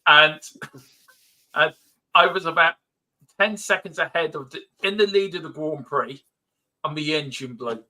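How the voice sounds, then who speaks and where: A man hosting a live football watch-along stream from home, giving joking, excitable match commentary between teasing banter and frequent laughs. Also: a little high, measured pace, long pauses. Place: home streaming setup with a TV behind him.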